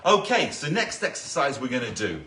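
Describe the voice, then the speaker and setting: A man's voice: mid-range voice, very animated, normal speed, sharp tone, slight background noise. A man leading a live-streamed balance workout, counting reps aloud and giving step-by-step coaching. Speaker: balance fitness instructor. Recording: echoey room, voice from a distance.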